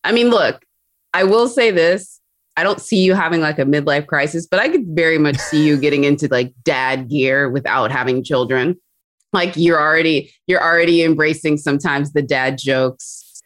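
A woman's voice: low voice, normal speed, no echo. A woman co-hosting a podcast, teasing and chatting in a bubbly way with lots of fillers. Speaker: podcast co-host. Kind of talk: casual podcast chat.

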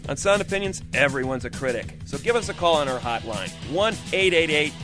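A man co-hosting a radio music review show, talking in an opinionated, emphatic way with quick restarts. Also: a little high, animated. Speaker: music critic co-host. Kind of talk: casual radio review chat.

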